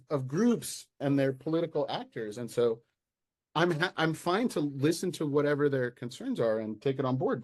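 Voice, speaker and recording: American guy, interview guest, talks fast in bursts, lots of restarts, gets exasperated. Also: a little high. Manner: animated, exasperated, many restarts. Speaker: local party official, guest. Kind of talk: casual interview chat.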